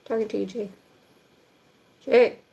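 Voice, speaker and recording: A young woman with a fairly high voice chats bluntly while she does her makeup at home. She talks casually and drops swear words as she goes, streaming to her viewers. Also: steady tone, measured pace, creaky, warm tone.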